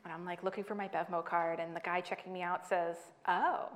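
A young adult woman author giving a book talk to an audience, lively and laughing through her stories. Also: lowish voice, quick pace. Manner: animated storyteller, laughing through anecdotes.

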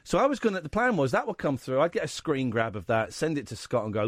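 Male radio host, lively storyteller, dry close studio sound. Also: mid-range voice, fast, no echo. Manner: rambling, animated anecdote-telling with quoted voices. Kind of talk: casual radio chat, storytelling.

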